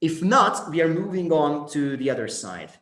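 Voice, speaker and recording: A very animated man with a high, slightly bright voice and an Argentine Spanish accent runs an online English workshop on debate phrases at a moderate pace. He is hesitant, fills pauses with many fillers, and often checks with the group. The audio sounds roomy.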